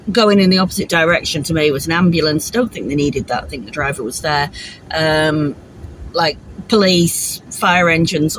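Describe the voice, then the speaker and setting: A woman speaks in a somewhat low voice, chatting freely for her vlog. She rambles a little and leans on fillers as she talks. Faint background noise sits under her voice. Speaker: vlogger. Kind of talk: casual vlog chat.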